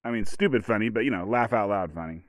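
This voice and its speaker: Guy doing a solo podcast, lowish voice, rambly, retells movie bits, dry close sound. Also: fast, dry recording. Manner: rambling, retells movie scenes and acts out quotes. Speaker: podcast host. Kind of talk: casual solo podcast monologue.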